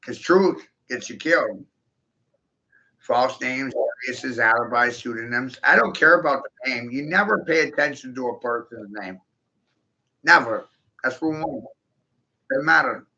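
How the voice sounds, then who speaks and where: Brief: man, slow gravelly ranter, cursing and combative, dull lo-fi sound. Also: medium pitch. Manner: profane, aggressive, repetitive, shouting bursts. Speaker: monologuing video host. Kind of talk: ranting monologue to camera. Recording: dull lo-fi recording.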